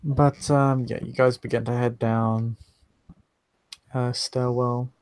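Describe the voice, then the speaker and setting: A man narrating as game master of a tabletop game, halting and full of filler sounds. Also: mid-range voice, level tone, darkish tone, smooth.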